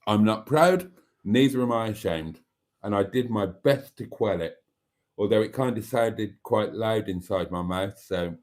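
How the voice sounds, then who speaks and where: A man's voice: fairly low pitch, unhurried, a little mellow. A man hosting a live stream, reading out viewer comments with wry, self-mocking asides. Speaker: channel host.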